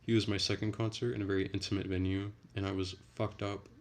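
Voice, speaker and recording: Deep, gravelly young man chatting. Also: quick pace. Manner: relaxed, rambling, soft-spoken. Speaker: streamer reading chat. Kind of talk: casual late-night livestream chat.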